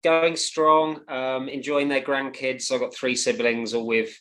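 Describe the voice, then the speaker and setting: English man with a flat, even delivery. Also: medium pitch, unhurried. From England. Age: 40s. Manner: relaxed, hesitant, with frequent ums and tag questions. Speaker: guest. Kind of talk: casual interview chat.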